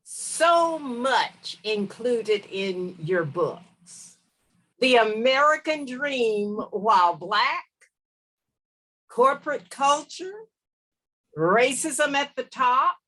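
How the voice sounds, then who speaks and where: A woman hosting an interview, asking her guest questions in a deliberate, measured way. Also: a little high, animated, sharp tone, rough recording. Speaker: interview host.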